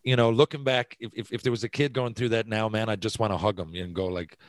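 A man hosting a casual interview who swings from low murmurs to loud, excited outbursts. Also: fast talker, no echo. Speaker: podcast host, former player.

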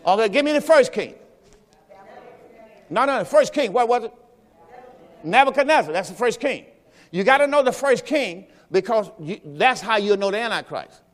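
A man with a high-pitched voice teaches a sermon, talking loosely and quizzing the congregation as he goes. His voice rings out with a long reverb in a church sanctuary. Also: animated, moderate pace, long pauses. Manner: conversational preaching, quizzing the congregation. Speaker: pastor.

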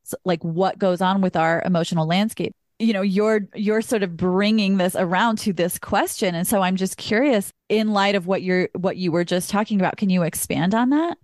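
A woman's voice: medium pitch, moderate pace, few pauses, a little mellow, no room sound, studio quality. A woman hosting a casual podcast, telling personal stories candidly and swearing freely. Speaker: podcast host.

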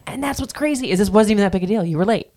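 A woman's voice: medium pitch, expressive, rapid-fire, warm tone. A woman in her forties hosting a casual podcast, talking bluntly and swearing freely as she rants. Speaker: podcast host.

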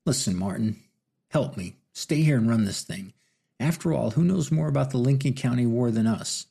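A man's voice: mid-range voice, normal speed, gravelly, dark tone, husky. A man voicing a cocky male rival with a mocking, wisecracking way of talking in an audiobook. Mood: wry.

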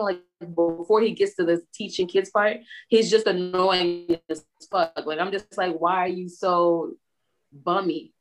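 A woman co-hosting a casual movie podcast, blunt and profane, laughing often. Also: lowish voice. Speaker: podcast co-host. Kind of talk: casual movie review chat.

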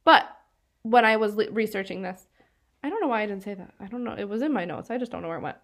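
A woman's voice: medium pitch, expressive, quick pace. Pa woman cohosting a true crime pod, rambly and casual, lots of likes and ums. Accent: northeastern Pennsylvania. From northeastern Pennsylvania. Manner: chatty, filler-heavy, laughs often. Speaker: podcast co-host.

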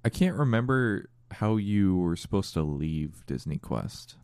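A man's voice: sits low, expressive, measured pace, darkish tone, clear, resonant tone, no room sound, clean studio sound. A young man co-hosting a podcast, joking and teasing in casual chat. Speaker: podcast co-host.

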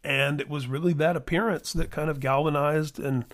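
A man's voice: fairly high pitch, fairly even intonation, moderate pace. Enthusiastic man telling a rambling story. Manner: enthusiastic, rambling with restarts and laughs. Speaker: podcast host. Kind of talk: casual storytelling monologue.

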